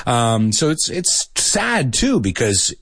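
Animated man mixing two languages. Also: medium pitch, takes it slowly, no room sound, studio quality. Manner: animated, switches between English and Spanish. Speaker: podcast host teaching Spanish speakers English. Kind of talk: casual bilingual chat.

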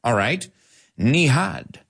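Speaking slowly at a medium pitch, this man has a gravelly voice with a breathy edge. During a live English lesson he laughs as he reads out and fixes viewers' comments, lively and moving between Spanish and English for his explanations.

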